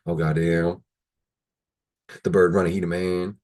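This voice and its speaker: A man's voice: low-pitched, flat delivery, unhurried, darkish tone. A young man talking to the camera in a casual mukbang vlog, rambling and joking between bites. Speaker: vlogger. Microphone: camera in front of him, like a video call.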